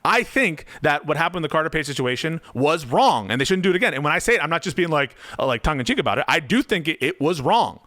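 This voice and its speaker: Fast-talking man debating, crisp dry voice. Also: fairly high pitch, sing-song, bright, forceful tone, dry recording. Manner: interrupts, repeats "wait, wait" and stammers. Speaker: political debater. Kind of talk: heated debate.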